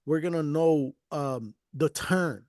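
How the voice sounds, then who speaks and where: A man's voice: on the high side, slow, a little mellow, no room sound, studio quality. A man hosting a casual heart-to-heart talk, earnest and encouraging, often repeating his phrases. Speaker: podcast host.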